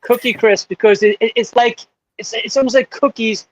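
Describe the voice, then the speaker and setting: A man's voice: very high voice, fairly even intonation, moderate pace. A man guest in a casual chat who tells stories with a lot of stumbling and restarts. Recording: muffled lo-fi audio.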